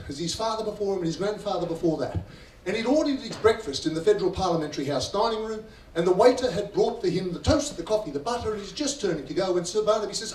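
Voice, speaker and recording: An Australian man tells stories to a room in an animated, theatrical way. His voice sits fairly high and carries through an echoing function room from some distance. Faint room ambience sits behind him. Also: slight background noise. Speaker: guest speaker. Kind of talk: after-dinner storytelling speech. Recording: roomy hall, distant mic, faint ambience.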